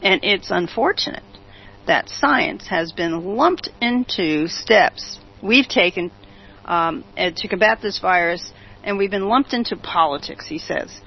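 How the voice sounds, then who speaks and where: Gravelly host firing rhetorical questions. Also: medium pitch, animated, unhurried. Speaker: talk show host. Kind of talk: opinionated commentary reading news quotes. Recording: dull lo-fi recording.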